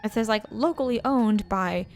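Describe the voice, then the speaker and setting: A woman co-hosting a game let's play, telling a profane, animated anecdote in a casual chat style. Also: medium pitch, normal speed, faint music behind. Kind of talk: casual storytelling while gaming.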